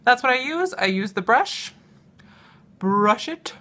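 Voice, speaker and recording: Bright-voiced young woman chatting about makeup. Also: fairly high pitch, very animated, takes it slowly. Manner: chatty and rambling, lots of "um" and "like", laughs often; demonstrates products while talking. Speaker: vlogger. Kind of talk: casual makeup chat to camera.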